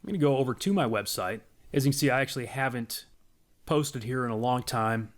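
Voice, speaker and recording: A man giving a casual, explanatory walkthrough of a software product on screen. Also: medium pitch, fairly quick. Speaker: software demo presenter.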